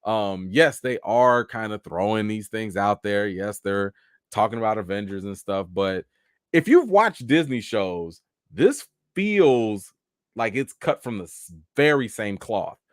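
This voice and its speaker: A man's voice: fairly low pitch, sing-song, unhurried, dry recording, clean studio sound. A man hosting a casual live chat, reading out viewer comments and acting out the characters' lines in raised voices. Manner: reads out and answers viewer comments. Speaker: live stream host.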